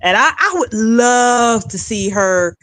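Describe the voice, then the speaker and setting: A woman's voice: on the high side, animated, slow pace, fairly bright tone, clean tone, no room sound, poor audio. A woman hosting a political commentary livestream, giving blunt, emphatic rants. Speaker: livestream host.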